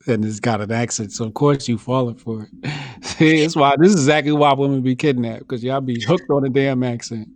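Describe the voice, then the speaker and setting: A man trades blunt, slangy banter in a casual podcast chat. His voice sits mid-pitch and sounds dry and close, with no room around it. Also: a little fast, no echo. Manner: blunt, slangy, animated banter, laughs often. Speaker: podcast host.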